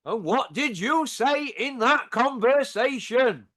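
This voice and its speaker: A man's voice: very high voice, animated, slow, fairly bright tone. A man with a Yorkshire accent delivering a sarcastic, taunting rant to camera, full of rhetorical tag questions. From Yorkshire, England. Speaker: channel host.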